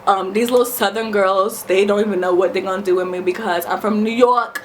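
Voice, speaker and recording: A woman's voice: mid-range voice, fairly even intonation, a little fast, a little hiss or hum, close to an everyday voice. A young woman voicing a boastful, swaggering young man on a bad date. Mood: cocky.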